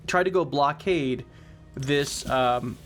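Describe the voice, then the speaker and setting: A man's voice: medium pitch, takes it slowly, a bit bright, faint music behind. A man hosting a let's play, thinking aloud in a rambling way with frequent restarts, recorded at home on a sensitive desk microphone. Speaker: gaming channel host. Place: home room with air conditioner running. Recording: faint air conditioner hum. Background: faint air conditioner hum.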